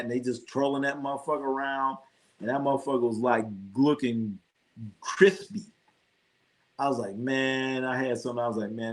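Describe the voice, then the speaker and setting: A man hosting a casual livestream, telling rambling, profane food stories and talking straight to his chat. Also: medium pitch. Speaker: livestream sports host.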